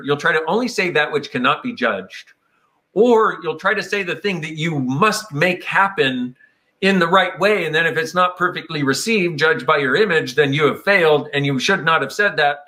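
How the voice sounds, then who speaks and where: A man's voice: a little high, moderate pace, pushed and bright. A man talking casually and reflectively, meandering through his points. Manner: meandering, reflective, slips into playful quoted voices. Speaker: speaker on personal growth. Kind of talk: casual conversational talk.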